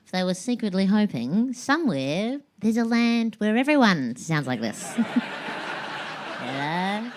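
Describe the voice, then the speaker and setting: A young woman comedian with a New Zealand accent, her voice buzzing and kazoo-like in a way nobody mistakes. She works a stand-up set from the stage with giggly, self-mocking asides. Her pitch swings widely from line to line. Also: animated, normal speed. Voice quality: unusual high buzzy voice, kazoo-like. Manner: self-deprecating, giggly, chatty delivery.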